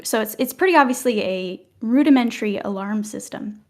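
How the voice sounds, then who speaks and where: A woman's voice: mid-range voice, a little fast, a little mellow. A woman running a tabletop game as game master, describing scenes at length with casual fillers.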